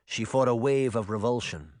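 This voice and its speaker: A man narrating a children's fantasy audiobook with an expressive, lively reading on a close studio mic. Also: mid-range voice, normal speed, no echo. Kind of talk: scripted storybook narration.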